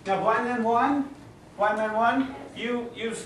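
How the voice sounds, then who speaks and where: A woman coaching a cast through a rehearsal, brisk and instructive, with a steady, encouraging push. Her voice carries through a strongly echoing hall and is caught from far across the room, with faint background noise. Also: fairly high pitch. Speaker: play director.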